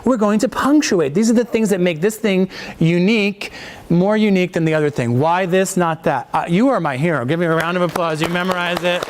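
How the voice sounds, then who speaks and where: A man coaching a voiceover workshop, enthusiastic and quick to heap praise on his students. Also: high voice, slight background noise. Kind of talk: coaching a class.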